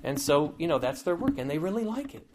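Man preaching in a slightly higher, chatty voice. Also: sing-song, fast, background noise. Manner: informal and digressive, with frequent asides and light humor. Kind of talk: conversational teaching sermon.

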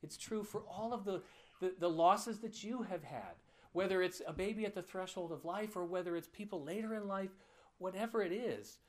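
Earnest preacher man, slightly high voice. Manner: earnest, personal storytelling. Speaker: pastor. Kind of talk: sermon.

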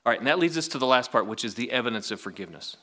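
A man's voice: mid-range voice, lively intonation, racing, pushed and bright. A man preaching a sermon, reading scripture aloud and asking the congregation rhetorical questions in a conversational way. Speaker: pastor.

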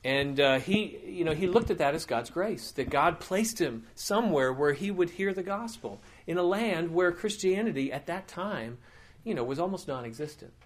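A pastor preaching as a teaching elder tells a story earnestly, his fairly high voice lively in intonation at a normal speed. His sermon is full of fillers and restarts.

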